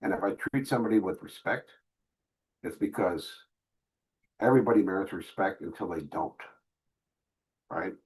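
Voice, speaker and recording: A middle-aged man with a fairly low voice, hosting a casual livestream Q&A. He reads out viewer messages and answers them plainly and candidly, peppering his talk with "bro" and "brother.". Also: normal speed, pauses often, darkish tone, low-quality recording. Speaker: livestream host reading super chats.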